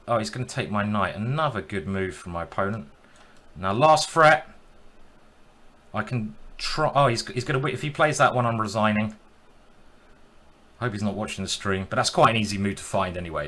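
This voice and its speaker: A man's voice: lowish voice, a bit bright. A man streaming his chess games, thinking aloud with self-deprecating commentary.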